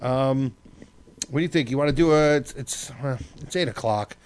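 A man's voice: medium pitch, moderate pace, darkish tone, clear, resonant tone. A man hosting a radio show, telling stories in loose casual banter full of fillers. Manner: loose storytelling with many fillers.

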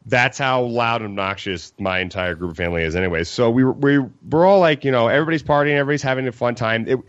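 A man's voice: mid-range voice, fast talker, dry recording. A young man from Colorado, co-hosting a podcast and telling a rambling, profane story as he acts out what everyone said. The sound is dry and a little dull, like a lo-fi podcast mic in a small room. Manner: animated, profane storytelling with acted-out quotes. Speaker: podcast co-host. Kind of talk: casual storytelling chat.

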